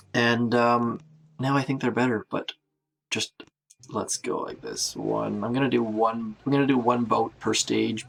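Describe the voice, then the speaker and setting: A man's voice: fairly low pitch, gravelly. A man from Canada giving chatty live commentary while playing a strategy game, greeting viewers as he goes. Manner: chatty, self-narrating, greets viewers by name. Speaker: game streamer.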